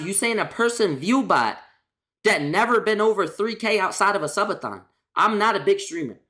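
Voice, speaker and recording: A woman's voice: on the low side, fairly bright tone. A woman streamer ranting casually to her chat in a slangy, exasperated, repetitive way.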